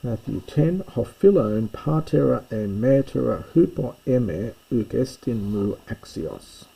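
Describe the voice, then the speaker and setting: A man teaching a language lesson, explaining each phrase slowly and thinking aloud as he goes. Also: medium pitch, expressive, vocal fry, mellow, husky, low-quality recording. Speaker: Greek teacher. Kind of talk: recorded lesson walkthrough.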